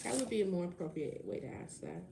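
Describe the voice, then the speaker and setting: A woman's voice: fairly low pitch, animated, quick pace, creaky, noisy background. A woman doing a tarot reading on a casual livestream, talking back to chat commenters with a sarcastic, swearing edge. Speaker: tarot reader answering a live chat.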